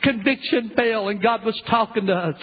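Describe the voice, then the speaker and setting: A male preacher playing a regretful father lamenting from hell, with a halting, pleading, mournful delivery. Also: sits high, slight background noise, natural voice. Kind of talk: dramatic sermon reading. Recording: tinny lo-fi phone-like recording.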